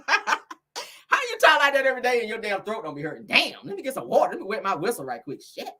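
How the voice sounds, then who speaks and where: A sassy woman dishes gossip straight to her viewers, laughing often and calling them honey and girl. Her voice is husky, and her pitch swoops up and down as she talks. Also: big pitch swings, fast, bright, forceful tone. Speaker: gossip commentary host. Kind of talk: casual gossip commentary.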